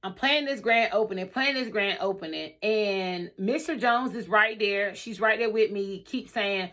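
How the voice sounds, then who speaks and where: A woman vlogging her life story in a bright, forceful voice, talking casually and animatedly. She repeats phrases for emphasis and swings between loud and quiet. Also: medium pitch, moderate pace, hardly any pauses.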